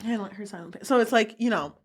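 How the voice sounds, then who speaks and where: A woman's voice: medium pitch, racing. A woman co-hosting a book podcast in casual chat, emotional and laughing, swearing casually. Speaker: podcast co-host.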